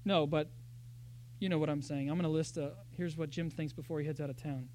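A pastor giving a sermon in a church, talking in an animated, conversational way with lots of rhetorical questions. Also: male voice, a little high, a little fast, a little hiss or hum.

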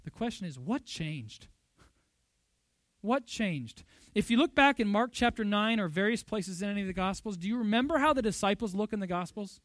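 A man's voice: sits high, expressive, fast, few pauses, no echo. A pastor preaching a sermon, emphatic and fond of rhetorical questions, a father of young children. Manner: emphatic, rhetorical questions, loud bursts when quoting.

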